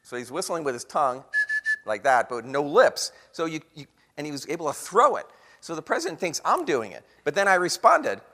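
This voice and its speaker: A man giving a lively storytelling talk to an audience, acting out the voices of people in his story. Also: fairly high pitch, a little fast, a little hiss or hum. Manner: animated storyteller acting out quotes. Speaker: guest speaker. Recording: long hall reverb.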